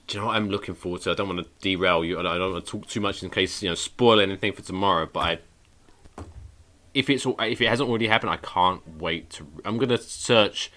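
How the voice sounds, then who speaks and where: A man's voice: low voice, quick pace, pushed and bright. A British man co-hosting a podcast, chatting casually in a wry, joking way and swearing now and then. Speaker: podcast co-host. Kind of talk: casual chat.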